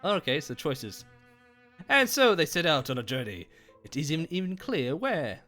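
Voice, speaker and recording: A man's voice: on the high side, big pitch swings, measured pace, bright, forceful tone, soft background music. A man co-hosting a let's play, reading game text and chatting casually, laughing often and stumbling over words. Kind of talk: casual gameplay chat and narration.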